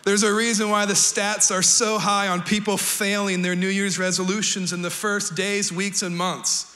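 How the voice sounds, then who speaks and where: A male pastor preaching a sermon in a church, energetic and playful, joking with the congregation and sometimes shouting. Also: sits high, normal speed, soft background music. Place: church sanctuary.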